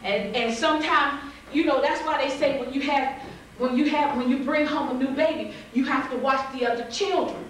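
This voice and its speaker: High-voiced woman preaching in an echoey hall. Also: normal speed, far from the mic, slight background noise. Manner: lively, acts out voices, laughs often, calls to the congregation. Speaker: pastor. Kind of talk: sermon.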